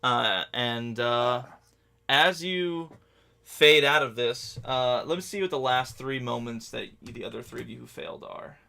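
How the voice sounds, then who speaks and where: A man narrating a tabletop game as game master, telling the scene in a halting, descriptive way. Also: medium pitch, creaky, pushed and bright.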